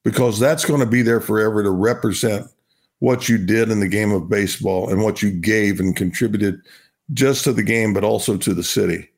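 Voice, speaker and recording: An older man from Oklahoma, a guest telling stories in a relaxed interview, often repeating words as he goes. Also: on the low side, normal speed, creaky. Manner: storytelling, repeats himself, warm laughs. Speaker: guest, retired baseball player.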